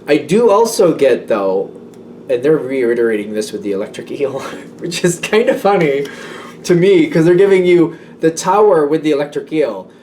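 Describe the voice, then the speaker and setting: A man's voice: fairly high pitch, very animated, normal speed, a little mellow, recorded from a distance, a little hiss or hum. A man giving a casual tarot reading, rambling and self-doubting, with many fillers. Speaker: tarot reader.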